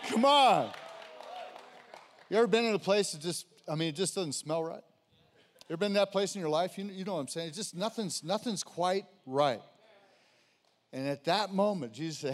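A man's voice: sits high, expressive, moderate pace, pauses often. A man, a pastor, preaching a conversational sermon and calling out to his congregation. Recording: long hall reverb.

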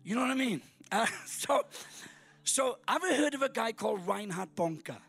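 A middle-aged Welsh man from Wales preaching as a guest speaker at a church service, joking and bursting into shouts. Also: extremely high pitch, animated, moderate pace, creaky, husky, soft background music. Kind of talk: sermon.

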